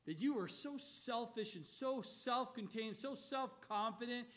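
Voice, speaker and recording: A male pastor preaching a sermon in a church, telling the story dramatically and swinging between loud emphatic bursts and quiet low asides. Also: measured pace.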